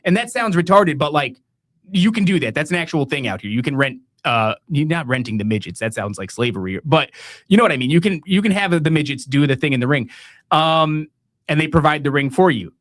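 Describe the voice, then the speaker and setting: A man's voice: a little high, animated, fairly quick, fairly bright tone. An American man hosting a podcast, telling a story in a profane, mocking rant and laughing at his own tale. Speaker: podcast host.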